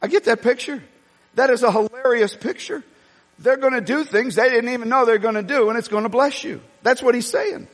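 A man preaching a sermon as pastor, telling stories animatedly and swinging between quiet asides and raised, emphatic lines. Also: very high-pitched, fairly quick. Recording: long reverb of a large hall.

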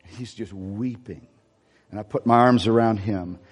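Pastor preaching in a reverberant hall. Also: male voice, fairly low pitch, measured pace. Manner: storytelling, dropping to near-whispers and rising to emphatic peaks. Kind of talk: sermon.

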